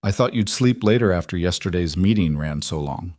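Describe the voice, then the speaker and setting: An easygoing, attentive man speaks gently and carefully, as the narrator reads him, in a low voice. The sound is dry and close. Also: animated, fairly quick, dry recording. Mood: gentle curious. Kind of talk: audiobook narration.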